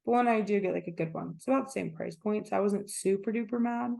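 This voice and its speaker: Fast-talking young woman with gravelly fry. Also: mid-range voice, dark tone. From Orlando area. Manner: chatty storytelling, acts out quotes. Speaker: podcast co-host. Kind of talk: casual chat.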